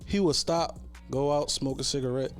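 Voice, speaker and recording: A man's voice: medium pitch, moderate pace, faint music behind. A man who works as a barber, talking casually and bluntly on a podcast, with lots of swearing. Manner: blunt, profane, animated storytelling.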